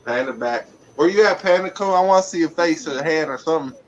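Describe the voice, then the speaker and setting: A man's voice: fairly high pitch, expressive, quick pace, slight background noise. Joking man on a muffled line. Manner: joking, loose and profane. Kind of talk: casual banter.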